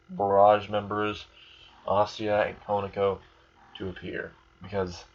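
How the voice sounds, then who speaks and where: A man voicing a stern male demon lord who delivers grave news in a flat, matter-of-fact way. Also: on the low side, gravelly, slightly rough, exaggerated voice. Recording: muffled lo-fi recording.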